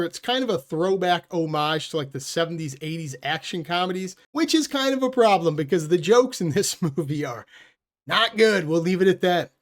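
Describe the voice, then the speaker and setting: A man giving a casual spoken film review, blunt and sarcastic, with loose, chatty phrasing and quick self-corrections. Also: sits high. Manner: sarcastic, blunt put-downs. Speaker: movie reviewer.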